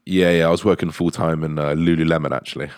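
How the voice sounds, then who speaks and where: A young man with a deep, low-pitched voice talks in a relaxed, animated way, full of swearing and quick laughs. His voice is recorded close and dry, with no room sound. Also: smooth, no room sound. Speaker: online fitness coach, guest. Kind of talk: casual podcast storytelling.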